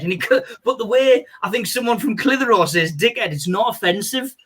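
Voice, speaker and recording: A male comedian, a guest on a video call, chatting casually in a rambling, animated way full of "you know". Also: high-pitched, normal speed, slight background noise.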